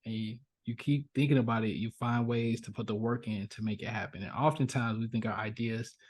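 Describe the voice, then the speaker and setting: A young man from Chicago's South Side, a podcast guest, telling a story casually and acting out the characters' voices. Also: fairly quick. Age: young adult. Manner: animated, acts out voices in his stories with big pitch jumps.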